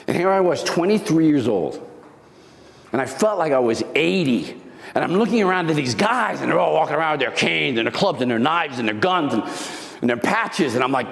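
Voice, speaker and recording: A man's voice: fairly high pitch, animated, a little fast, vocal fry, fairly bright tone. A middle-aged man giving a motivational talk to a live audience, telling a dramatic story and acting out the lines he quotes. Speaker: motivational speaker. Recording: long hall reverb.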